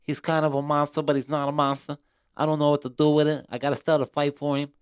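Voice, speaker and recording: A man doing a squeaky boxing legend. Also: flat delivery, fast talker, smooth, no room sound, clean studio sound, natural voice. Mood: exasperated. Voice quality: high, strained voice. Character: boastful famous heavyweight boxer, middle-aged man, high lisping voice.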